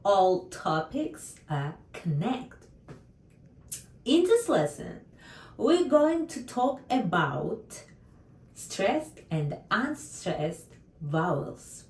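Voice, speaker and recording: A woman with a Russian accent teaches pronunciation at a very slow, deliberate pace, leaning hard on key words. Her pitch rises and falls widely as she models each example. She sits a little away from the mic in a room with a noticeable echo. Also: big pitch swings, a little mellow. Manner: slow, careful, emphatic, with non-native English grammar slips. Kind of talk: online grammar lesson.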